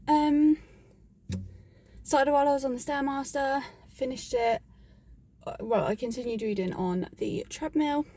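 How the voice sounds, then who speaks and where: A woman's voice: high-pitched, unhurried, pauses often, mellow. A woman book vlogger talking in a casual, chatty and rambling way, with frequent "like", into a phone she holds. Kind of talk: casual vlog chat.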